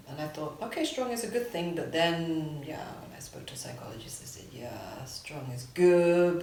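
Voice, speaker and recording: Woman, halting testimony, low-pitched, frequent near whispers, roomy reverberation, faint hiss. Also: a little mellow. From England and Japan. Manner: halting, many restarts, drops to near whispers. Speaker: interviewee. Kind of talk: personal testimony in a documentary. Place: city street or park. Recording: reverberant, slightly noisy.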